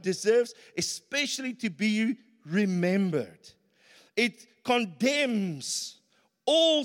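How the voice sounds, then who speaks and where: South african preacher guy, high voice, gets emphatic, big echoey church sound. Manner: earnest, rises to emphatic peaks. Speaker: pastor. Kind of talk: sermon. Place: church hall. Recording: reverberant church hall.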